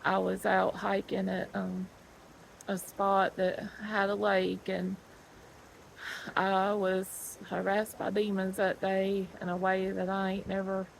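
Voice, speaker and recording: Gravelly woman, plain flat delivery. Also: medium pitch, a little hiss or hum, low-quality recording. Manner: earnest, halting, pauses with fillers. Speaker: person giving a testimony. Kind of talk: personal faith testimony.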